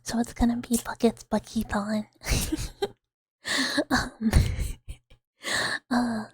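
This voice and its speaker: A woman in her thirties hosting a whispered ASMR livestream, breathy and giggly, rambling as she greets chat on a close mic. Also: a little high, little pitch movement, extremely slow, no room sound. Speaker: ASMR streamer.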